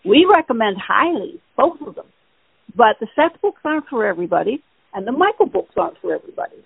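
A woman's slightly high voice comes fast and very animated, with vocal fry and a breathy edge. She's hosting a casual spiritual Q&A by phone, answering listener questions earnestly and at rambling length. The tinny phone audio is dry, without echo.

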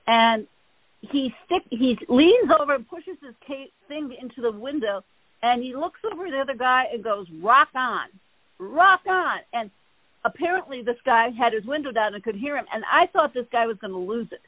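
A woman hosting a casual chat, telling rambling, animated stories. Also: fairly high pitch, a little fast, no echo. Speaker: host. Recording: tinny phone-like line.

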